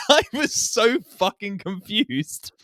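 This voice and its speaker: A man's voice: high voice, very animated, takes it slowly, pushed and bright, no echo, studio quality. A man co-hosting a podcast, telling a story in casual chat, laughing often and swearing. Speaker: podcast co-host.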